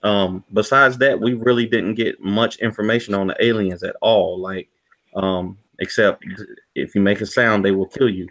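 Low-voiced man rambling through a movie review. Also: fairly even intonation, moderate pace, fairly bright tone. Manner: rambling, frequent "you know" fillers. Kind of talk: casual podcast review chat.

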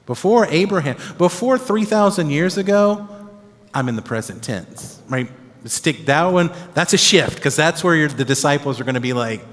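A man teaching the Bible as a pastor, animated and conversational, often checking in with his listeners. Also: medium pitch, normal speed. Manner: animated, conversational, acts out disciples' reactions with tag questions. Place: church. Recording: long reverb of a church hall.

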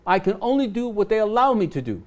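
An older man talks as a guest in a television studio, and his fairly high voice swings widely in pitch. He presses his points emphatically and urges listeners directly. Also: big pitch swings, quick pace, darkish tone. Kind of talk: passionate conversation.

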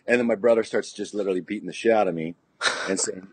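A man's voice: fairly low pitch, quick pace, a little mellow, breathy edge, no echo. A middle-aged man from California, a podcast guest, telling stories in a laid-back, rambling way and swearing freely, with many restarts and "you know"s. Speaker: podcast guest, punk musician. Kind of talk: casual storytelling. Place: podcast studio.

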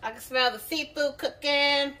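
A woman's voice: high voice, fairly even intonation, normal speed, pushed and bright. A woman vlogger chatting casually to viewers while cooking in her home kitchen. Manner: chatty, talks straight to viewers.

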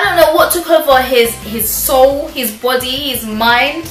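A young woman telling a storytime on her vlog, animated and chatty, laughing often as she talks. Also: high voice, a little slow. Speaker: vlogger. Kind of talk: casual storytime chat. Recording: roomy echo with faint music.

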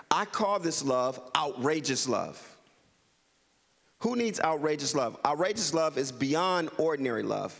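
A middle-aged man with a gravelly, fairly high voice speaks to a community audience. He keeps them involved with call-and-response and quick repeated prompts. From Los Angeles. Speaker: guest speaker. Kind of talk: interactive talk to a community audience.

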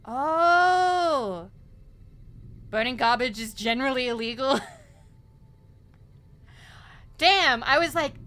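A woman's voice: on the high side, lively intonation, a little slow, long pauses, fairly bright tone. A young Australian woman streaming a game, chatting casually and rambling with lots of giggles. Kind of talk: casual gameplay chat.

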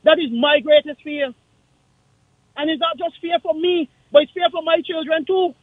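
A man with a Kittitian accent calling in to a radio talk show, speaking in an impassioned, forceful, repetitive way. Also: very high-pitched, steady tone, moderate pace, no room sound. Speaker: caller. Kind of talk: call-in radio rant. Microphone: phone line. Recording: tinny dry phone line.

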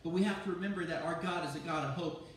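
A man, a pastor, giving a sermon in a lively, conversational way, often restarting his sentences. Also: a little high, fast, a little hiss or hum. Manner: animated, conversational preaching with restarts. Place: church sanctuary. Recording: very echoey church from far off.

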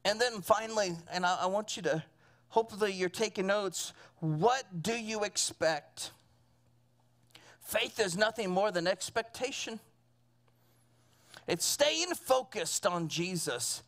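A man's voice: sits high, lively intonation, a little slow, a bit bright. A man preaching a sermon as pastor to his church congregation, earnest and at times building to emphatic fervor. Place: church sanctuary.

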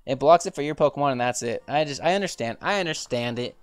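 A man's voice: mid-range voice, animated, quick pace, dry recording. A young man streaming a video game, reacting with frustrated outbursts, swearing and repeated exclamations as things go wrong. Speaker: gaming streamer. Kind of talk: reactive gameplay commentary.

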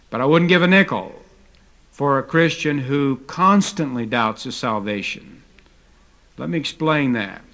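Older guy teaching bible on tape, folksy stories, lots of uhs, takes it slow. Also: mid-range voice, pushed and bright. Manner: folksy storytelling with hesitant fillers. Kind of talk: taped Bible lecture.

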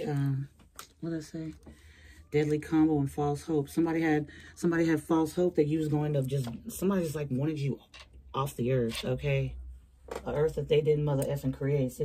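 A woman's voice: low voice, warm tone, a little hiss or hum. A woman giving a casual, chatty tarot reading from her small bedroom, talking straight to her viewers in slangy terms. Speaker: tarot reader.

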